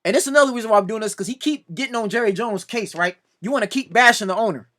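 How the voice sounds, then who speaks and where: Man, high and sharp-toned, casual reaction commentary, exasperated and repetitive. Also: racing. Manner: exasperated, repeatedly pleading "come on now"; addresses another commentator directly. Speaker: sports reaction video host.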